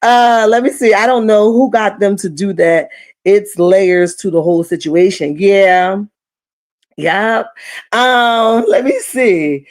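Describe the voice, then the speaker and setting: A woman's voice: medium pitch, slow. A woman hosting a casual reality TV recap, retelling scenes dramatically and putting on the cast's voices. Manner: animated, dramatic retelling with acted quotes.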